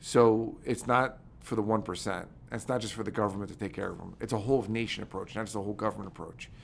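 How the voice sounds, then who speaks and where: A man, talking as a podcast guest in a quick, animated, filler-heavy way. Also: lowish voice, creaky, a little hiss or hum. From United States. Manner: rapid, animated storytelling with many fillers. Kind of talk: casual interview talk.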